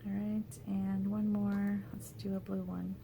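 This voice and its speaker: A woman demonstrating paper crafts in a casual tutorial, chatty and thinking aloud with soft asides under her breath. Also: mid-range voice, level tone, measured pace, vocal fry, heavy background noise.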